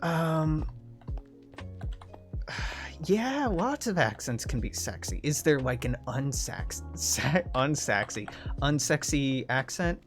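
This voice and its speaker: A man's voice: on the high side, very animated, slow pace. A young man hosting a gaming video, chatting casually in a sardonic, profane, rambling way over background music. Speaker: gaming channel host.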